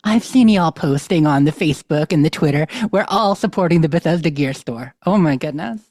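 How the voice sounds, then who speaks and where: A woman's voice: low-pitched, lively intonation, brisk, a little mellow, dry recording. A woman co-hosting a podcast from her bedroom, chatty and upbeat, laughing easily. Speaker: podcast co-host. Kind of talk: casual podcast chat.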